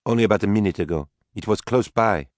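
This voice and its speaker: A man's voice: on the low side, quick pace, no room sound, studio quality, voice pushed up, natural voice. A man voicing Nicole, an earnest, questioning woman colonist speaking to her husband in an audiobook.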